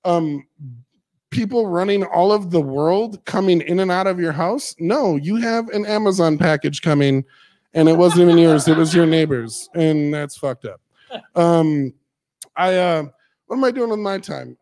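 A young man performs stand-up in a small studio before a live crowd. His voice sits high, and his delivery wanders loosely, self-deprecating and a little tipsy. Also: measured pace, a little mellow. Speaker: stand-up comedian. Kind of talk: stand-up set. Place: comedy studio with live audience.

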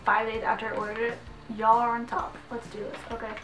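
A young woman with a fairly high voice gushes and giggles as she opens a package, leaning on "like" in nearly every sentence. She sounds a little away from the mic in an echoey room, with faint music underneath. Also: fast talker, recorded from a distance. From Canada. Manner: excitable and giggly, heavy use of "like". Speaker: vlogger. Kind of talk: casual unboxing vlog.

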